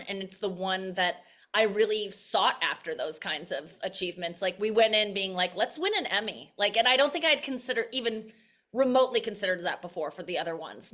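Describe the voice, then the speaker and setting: A woman's voice: medium pitch, fairly bright tone. A woman in her thirties, a comedian, talking candidly and reflectively in a casual interview, often restarting her sentences. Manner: candid and self-reflective, with frequent restarts and laughs. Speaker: comedian guest.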